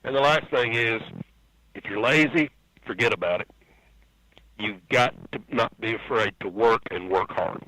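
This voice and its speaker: Plainspoken seventy-something man, bright voice. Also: fairly low pitch, normal speed, long pauses, slight background noise, low-quality recording. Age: 70s. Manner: plainspoken folksy storyteller. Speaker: guest engine builder. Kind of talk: podcast interview.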